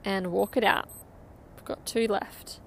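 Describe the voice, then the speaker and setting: A woman's voice: mid-range voice, steady tone, a little slow, gravelly, slight background noise. A woman coaching a guided interval run outdoors, upbeat and encouraging as she counts down. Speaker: running coach.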